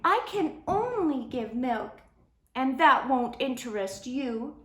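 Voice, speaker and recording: A woman voicing a timid, gentle female cow that speaks in a high, plaintive, sad voice. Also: sing-song, takes it slowly, echoey room, slight background noise, heavily acted.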